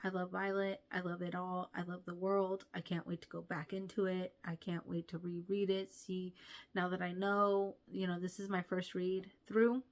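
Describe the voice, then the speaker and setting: A woman's voice: on the low side, level tone, normal speed. A young woman hosting a casual book review vlog, gushing and chatty with many fillers.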